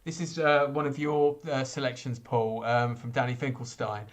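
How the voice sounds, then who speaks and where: A man's voice: medium pitch, fairly even intonation, normal speed. Man, host, casual chat, easygoing.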